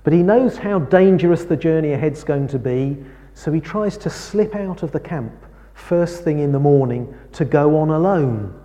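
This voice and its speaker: A man preaching a sermon, speaking in a slow, measured way. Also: a little high. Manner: slow, measured preaching with lively quoted lines. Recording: reverberant hall.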